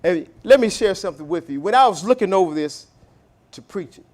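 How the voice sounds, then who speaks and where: A pastor from the Southern United States preaches a sermon in a church sanctuary, his voice well above the usual male register. Expressive and a little fast, he lurches between loud, emphatic lines and hushed, low asides, drawing out the words he wants to land.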